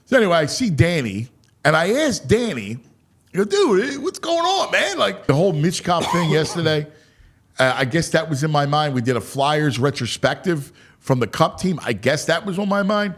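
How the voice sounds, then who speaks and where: A man hosting a sports talk show, telling a story in a lively, animated way. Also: fairly high pitch, normal speed. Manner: animated storyteller, acts out quotes. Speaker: sports radio host.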